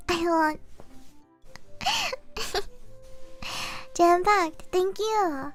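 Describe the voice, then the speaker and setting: A woman streamer chatting softly on a live stream, giggling often as she reads viewer messages aloud. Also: very high voice. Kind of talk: soft-spoken live stream chat.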